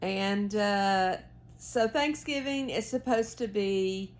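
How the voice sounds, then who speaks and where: An American knitting vlogger with a Southern accent speaks slowly in a mid-range voice. She rambles in a folksy way to viewers, chatting casually as she works her needles.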